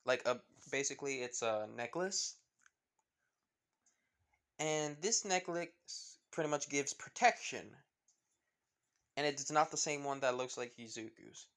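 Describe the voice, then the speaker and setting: Slow, gravelly male storyteller. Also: medium pitch, a bit bright. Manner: rambling, full of fillers and self-corrections. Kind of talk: improvised fan-fiction narration.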